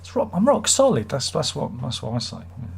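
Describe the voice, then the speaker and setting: A man's voice: medium pitch, wildly swooping pitch, brisk, vocal fry, a little hiss or hum. A man hosting a casual live stream, reading out viewer comments and joking in a rambling, self-mocking way.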